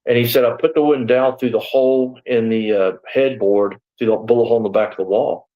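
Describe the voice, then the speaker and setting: A man's voice: mid-range voice, steady tone, fast talker, narrow, tinny audio. A man in his sixties, a former deputy, telling his story in a live interview. He rambles a little, leans on "you know" and "man", and acts out the back-and-forth of the people he quotes.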